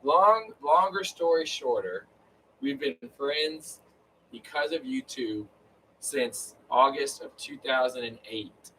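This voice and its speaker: A man's voice: mid-range voice, big pitch swings, takes it slowly, bright, forceful tone, recorded from a distance, a little hiss or hum, poor audio. A man chatting casually on a live stream, rambling with lots of fillers. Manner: rambling, filler-heavy storytelling. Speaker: co-host of a live chat. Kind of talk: casual chat.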